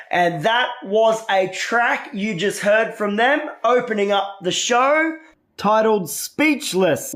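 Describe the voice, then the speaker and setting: An Australian man hosts a rock radio show in a casual, upbeat patter. His voice sits high and his delivery is relaxed and unhurried. The room echoes around him, with faint music behind. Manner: upbeat, chatty, addresses listeners as guys.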